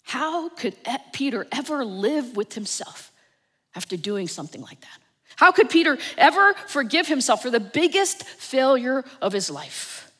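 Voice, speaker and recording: A woman with a New Jersey accent preaching a Sunday sermon, telling the story with dramatic swings from loud to hushed. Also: sits high, big pitch swings, measured pace, hardly any pauses, breathy edge. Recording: long church reverb.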